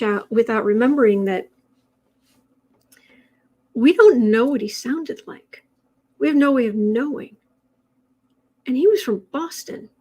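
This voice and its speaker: Higher-pitched woman, chatty astrology stream host who rambles with restarts. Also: poor audio. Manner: chatty, rambling, with frequent restarts and soft laughs. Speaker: tarot and astrology livestream host. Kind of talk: casual livestream chat, reading viewer comments.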